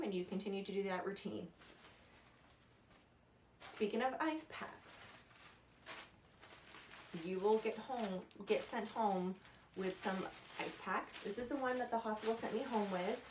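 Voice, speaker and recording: A woman's voice: medium pitch, normal speed, long pauses. A young woman talking through advice in a chatty, rambling way, laughing at herself as she goes. Her voice sits mid-range and carries a noticeable echo, recorded by a camera mic a little way off, with faint noise behind. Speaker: vlogger. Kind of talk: casual advice vlog. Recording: echoey room, a little distant.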